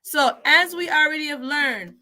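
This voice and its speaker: Bright, upbeat woman teaching Spanish. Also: high voice, moderate pace. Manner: energetic, playful, switching between English and Spanish; models dialogue by playing both speakers. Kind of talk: bilingual video lesson.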